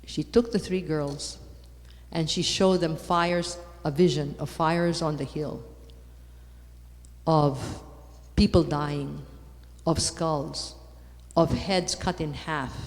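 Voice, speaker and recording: Woman speaker, low-leaning voice, emphatic conference talk in a reverberant hall. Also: slow pace, long pauses. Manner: lively, repeats for emphasis, rising to loud exclamations. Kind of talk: animated talk on faith.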